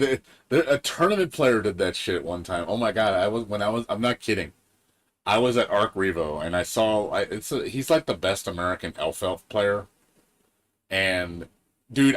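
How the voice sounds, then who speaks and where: A man with a somewhat low voice rants on a gaming stream. He swears freely and gets more and more heated. He mocks other people by putting on quoted voices. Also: animated, normal speed. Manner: profane, heated ranting with mocking quoted voices. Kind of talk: casual gaming stream rant.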